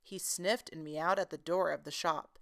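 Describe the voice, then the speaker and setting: A woman reading a classic children's story aloud in a gentle, expressive storytelling manner. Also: lowish voice, moderate pace. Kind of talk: children's book read-aloud.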